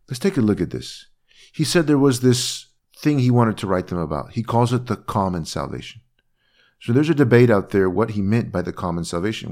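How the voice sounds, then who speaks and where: A man preaching a sermon, reading scripture aloud and explaining it in an earnest, emphatic way. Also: fairly low pitch. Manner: earnest, emphatic, rising on key words.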